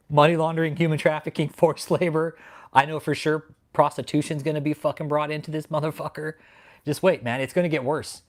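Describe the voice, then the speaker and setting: A man hosting a livestream who rants angrily with heavy swearing, swinging between loud outbursts and low grumbling while he reads out chat names. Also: steady tone, a little fast. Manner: angry, profane ranting. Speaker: channel host. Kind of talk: livestream commentary, reading chat.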